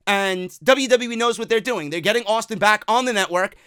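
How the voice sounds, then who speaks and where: A man's voice: high-pitched, a little fast, a bit bright, smooth, dry recording, clean studio sound. A man hosting a wrestling talk show, giving a profane, sarcastic rant. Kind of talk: opinionated rant.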